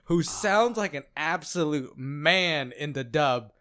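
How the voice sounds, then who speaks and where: A man co-hosting a casual anime recap podcast, animated and laughing, slipping into mock voices. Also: on the high side, takes it slowly, smooth. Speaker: podcast co-host.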